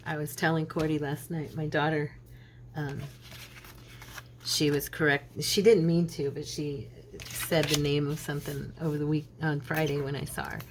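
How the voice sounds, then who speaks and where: A middle-aged woman with a notably low voice chats casually while working on a craft project. She tells stories and laughs often. A faint hiss sits under her voice. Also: flat delivery, moderate pace. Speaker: crafting channel host; minister.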